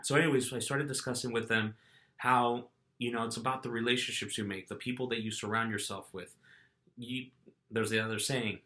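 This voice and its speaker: A man's voice: mid-range voice, steady tone, brisk, bright, forceful tone. A middle-aged man vlogging, telling a story casually and animatedly, acting out quotes and restarting his phrases.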